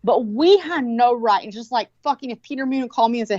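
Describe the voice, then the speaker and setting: A woman's voice: fairly high pitch, expressive, fairly quick, a little mellow, no echo. A woman with a Southern US accent, telling a rambling story in casual chat in a blunt, profane way. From American South. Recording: dull, lo-fi sound.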